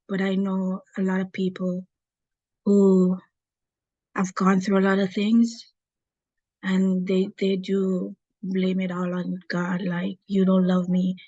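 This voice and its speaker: A woman's voice: medium pitch, a little mellow, no room sound. A woman speaking hesitantly and earnestly, sharing personal experience in a meeting over a video call. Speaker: committee meeting participant. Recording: dull lo-fi audio.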